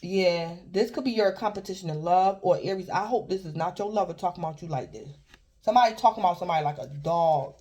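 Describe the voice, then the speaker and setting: A woman's voice: lowish voice, quick pace, mellow. A woman giving a casual tarot reading, rambling and repeating herself as she keeps addressing the listener by star sign. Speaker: tarot reader.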